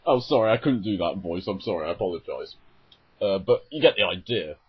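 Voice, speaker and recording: A man rants about an anime dub, exasperated and sarcastic. His low, husky voice swings widely in pitch. The home recording sounds dull and lo-fi. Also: lively intonation, brisk. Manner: exasperated, sarcastic, frequently self-correcting. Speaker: YouTuber reviewing an anime dub. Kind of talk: ranting video commentary.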